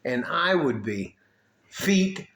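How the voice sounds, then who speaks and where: An older man from Detroit telling rambling, profane army stories in a casual way, with frequent asides and throat clearing. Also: medium pitch, big pitch swings, slow pace, a bit bright. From Detroit, USA. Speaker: army veteran storyteller. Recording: echoey room.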